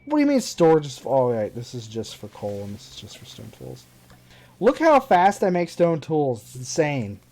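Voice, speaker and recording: A man's voice: mid-range voice, wildly swooping pitch, normal speed, dark tone. A man streaming a game live, chatting casually in a sarcastic, self-mocking running commentary as he plays. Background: faint game music.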